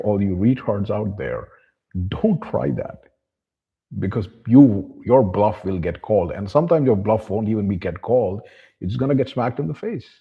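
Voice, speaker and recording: A man's voice: low-pitched, breathy edge, lo-fi sound. A man vlogging a monologue to camera, ranting bluntly and with profanity, and talking about himself in the third person.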